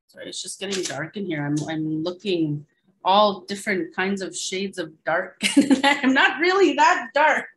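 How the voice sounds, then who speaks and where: A woman teaching a language lesson over a video call, repeating each word slowly and adding casual asides. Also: fairly low pitch, a bit bright, a little hiss or hum, poor audio.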